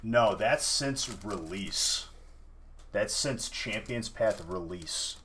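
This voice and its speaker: A man's voice: on the low side, lively intonation, slow, a bit bright, slight background noise. A man casually chatting on a live stream while opening card packs, teasing and thanking viewers.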